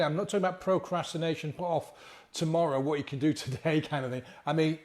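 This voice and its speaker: Animated male life coach. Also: on the high side. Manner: chatty and animated, acting out inner voices. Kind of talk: motivational talk to camera.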